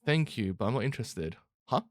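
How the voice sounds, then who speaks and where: A man reading aloud a calm, quietly stubborn young male clerk, in a plain read-aloud delivery. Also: medium pitch, fairly quick, no room sound, clean studio sound, natural voice. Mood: flat refusal.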